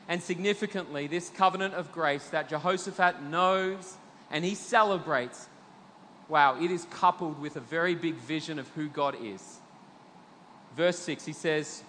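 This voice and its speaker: Australian man, middle-aged pastor, high voice, sermon, emphatic swells and drops, long hall reverb. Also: a little hiss or hum. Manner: emphatic preacher, swelling to loud peaks then dropping low and slow.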